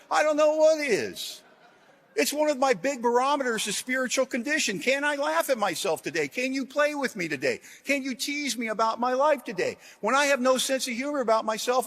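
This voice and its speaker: A middle-aged man with a fairly high-pitched voice gives a recovery talk to a large audience. He tells self-deprecating stories in punchy one-liners. He moves from loud, emphatic jokes to quiet, earnest reflection. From Washington, USA. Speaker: AA convention speaker.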